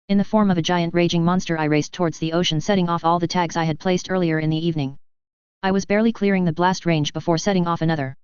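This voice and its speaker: Fast fanfic reader, very clear crisp voice, dull lo-fi sound. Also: mid-range voice, a little mellow, no echo. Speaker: audiobook reader. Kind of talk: reading fan fiction aloud. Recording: dull lo-fi recording.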